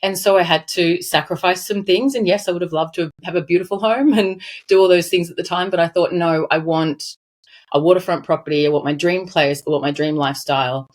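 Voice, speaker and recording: Animated woman, lower voice. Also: a little fast. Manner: animated, laughs often, emphatic. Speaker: financial advisor guest. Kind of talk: casual interview chat.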